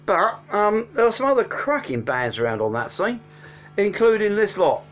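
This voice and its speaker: Rambling man reviewing records, lively pitch. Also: moderate pace, faint music behind. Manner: rambling, lots of ums and restarts, enthusiastic. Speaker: album reviewer. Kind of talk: casual unscripted album review. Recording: dull lo-fi sound with faint hum.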